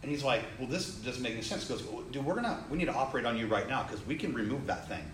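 A man casually telling a story, acting out the people he quotes, with growing excitement. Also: mid-range voice, very fast. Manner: animated, acts out quoted people, rising excitement. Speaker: storyteller sharing a testimony. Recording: roomy echo, faint ambient noise.

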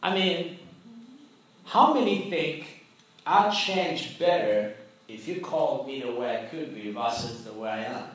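A man's voice: mid-range voice, lively intonation, measured pace, fairly bright tone. Male pastor preaching in an echoey hall. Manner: conversational storytelling preaching. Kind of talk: sermon. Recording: very echoey hall, mic far off, faint noise.

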